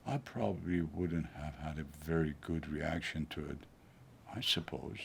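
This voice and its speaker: An older man playing a father in a film drama, speaking in a gentle, reassuring way. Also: very deep voice, measured pace, gravelly, a little hiss or hum, heavily acted. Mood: reflective.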